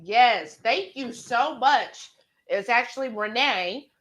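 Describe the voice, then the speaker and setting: A woman's voice: fairly high pitch, expressive, slow pace, a bit bright. A woman, co-hosting a casual cooking livestream and chatting while reading viewer comments aloud. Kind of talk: casual live-stream chat.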